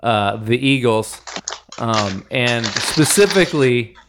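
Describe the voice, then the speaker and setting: A man's voice: mid-range voice, animated, slow pace, very noisy. A man hosting a casual podcast chat, laughing often and joking with his guests. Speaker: podcast host.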